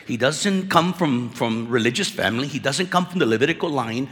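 A man preaching a sermon at a conference, animated and conversational, dropping casual slang as he talks to the crowd. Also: medium pitch, fairly quick. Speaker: conference speaker. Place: conference hall. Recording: echoey hall reverb.

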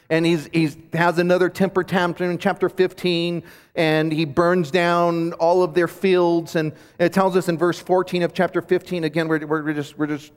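Male conference preacher, slightly raised pitch, lively halting delivery, long hall echo. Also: clear, resonant tone. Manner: animated storytelling with frequent restarts. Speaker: conference speaker teaching scripture. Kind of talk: sermon.

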